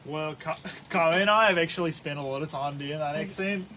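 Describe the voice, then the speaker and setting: A woman co-hosting a podcast, chatting casually and joking in a lively way. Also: sits low, a little fast. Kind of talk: casual chat. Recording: loud background noise.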